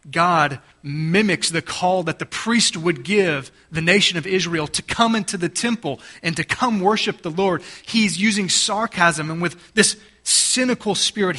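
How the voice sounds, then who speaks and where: A man gives a sermon and works through a scripture passage verse by verse. His voice is bright and ringing and sits a little high. He makes each point clear with simple examples from family life. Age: adult parent. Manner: expository preaching with plain everyday examples. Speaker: pastor.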